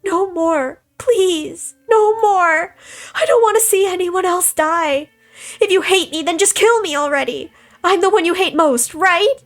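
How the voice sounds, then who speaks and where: A woman voicing a terrified captive teenage girl, crying and pleading in a shrill, desperate voice. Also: measured pace, a bit bright, faint music behind, full character voice.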